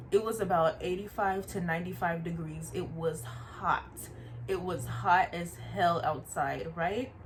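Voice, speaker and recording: Casting note: lower-voiced woman, chatty storytime vlogger, animated delivery, faint hum behind. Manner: animated, chatty, repeats asides to the viewer. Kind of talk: casual storytime.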